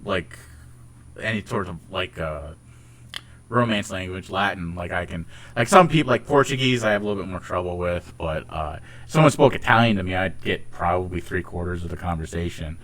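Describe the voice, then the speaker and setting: A man's voice: sits low, a little fast, fairly bright tone. A young man from Ohio with a slight Northeastern US tinge, chatting casually on a podcast and rambling with lots of "like"s and restarts. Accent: Ohio with some Northeastern US traits. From Ohio, United States. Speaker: podcast co-host. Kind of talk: casual chat.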